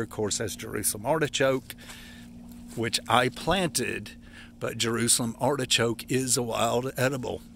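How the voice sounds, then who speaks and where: Man, husky fry-heavy voice, a bit breathless, folksy rambling forager outdoors. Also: medium pitch, fairly bright tone, a little hiss or hum. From Appalachia, United States. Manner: folksy, rambling, corrects himself. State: out of breath, stuffy nose. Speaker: forager showing wild edibles. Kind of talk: casual walking vlog. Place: outdoors in a yard.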